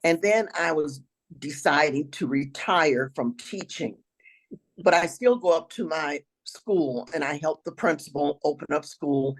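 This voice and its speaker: An older woman with a raspy voice, a retired teacher telling travel stories as an interview guest, now and then clearing her throat. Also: sits low, unhurried, low-quality recording. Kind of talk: storytelling interview answers.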